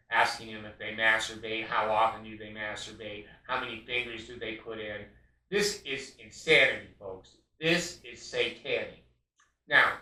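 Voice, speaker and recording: A man's voice: medium pitch, pushed and bright, reverberant, recorded from a distance, rough recording. An older man delivering an impassioned, emphatic monologue as a host, repeating his points with many hesitations. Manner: emphatic, repetitive, frequent uh fillers. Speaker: podcast host.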